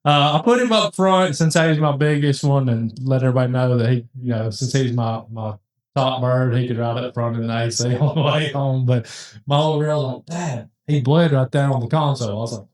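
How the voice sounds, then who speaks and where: A man telling a long story in casual chat, rambling with animated asides and restarts. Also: medium pitch, brisk. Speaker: podcast host telling a hunting story. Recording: very echoey room.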